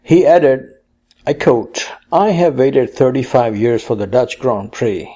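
A man's voice: medium pitch, takes it slowly, warm tone. A man co-hosting a casual chat, reading news items aloud with playful puns and quotes. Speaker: co-host.

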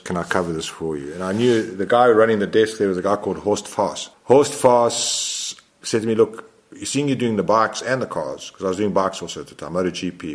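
A man in his sixties, a photographer guest in an interview, telling a long story in a rambling way, often correcting himself. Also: low-pitched. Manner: rambling, self-correcting, animated.

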